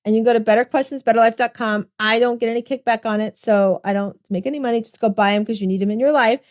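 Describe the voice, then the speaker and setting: A woman's voice: a little high, steady tone, fast talker. A woman hosting a casual interview, encouraging and chatty. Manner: warm, encouraging, talks with like and you know. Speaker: podcast host.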